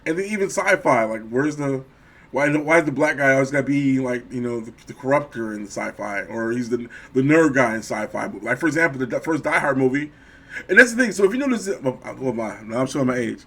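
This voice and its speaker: A man's voice: medium pitch, expressive, a little fast, fairly bright tone. A middle-aged man co-hosting a podcast, talking casually and profanely, often acting out quoted voices. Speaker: podcast co-host. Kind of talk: casual chat.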